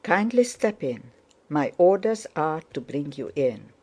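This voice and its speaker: A gigantic footman, stern and formal, who blocks any escape, as a woman reads him. The voice is low and dark, and the delivery is slow. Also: sing-song, heavily acted. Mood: firm. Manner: firm, formal.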